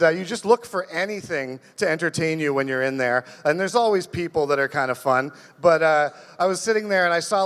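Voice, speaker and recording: High-voiced rambling stand-up comic. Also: male voice, fairly bright tone, big-room sound. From Canada. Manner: rambling, self-deprecating, halting restarts. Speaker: stand-up comedian. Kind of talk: stand-up comedy set. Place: live comedy stage.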